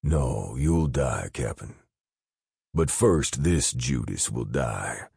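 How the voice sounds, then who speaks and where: A man voicing a vengeful male convict riot leader who taunts in a slow, mocking drawl. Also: very deep voice, expressive, gravelly, a little mellow, husky, no echo, clean studio sound, full character voice.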